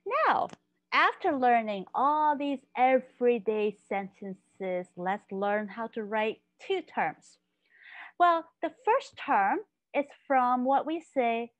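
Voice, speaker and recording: Lady teaching, repeats stuff slowly, dry room. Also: fairly high pitch, lively intonation, no echo. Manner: explains patiently, repeats phrases slowly. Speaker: language teacher. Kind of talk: slow, careful language lesson.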